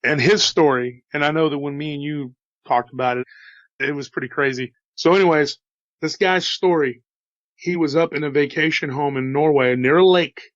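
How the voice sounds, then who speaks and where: Slightly hoarse man, casual storyteller. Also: fairly high pitch, moderate pace, dry recording, lo-fi sound. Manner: relaxed, chatty, says "dude" and "you know". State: slightly hoarse after an illness. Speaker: storyteller relaying witness accounts.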